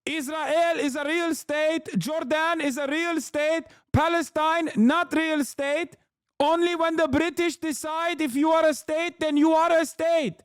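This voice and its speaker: Casting note: a man putting on a deadpan broken-accent pundit caricature, pitched well above his own voice. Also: a little slow, dry recording, clean studio sound. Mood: mocking. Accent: put-on foreign accent. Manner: broken grammar, deadpan exaggeration. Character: mocking caricature of a male pundit.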